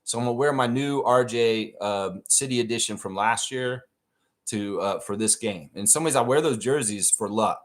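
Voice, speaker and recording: A man's voice: lowish voice, normal speed. A man hosting a live stream, chatting casually and ranting with plenty of swearing. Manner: profane, animated rant reading chat.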